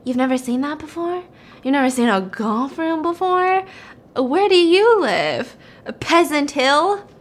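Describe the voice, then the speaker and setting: A woman's voice: high voice, very animated, measured pace. A woman voicing a boy smugly bragging about a fancy house. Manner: smug, boastful.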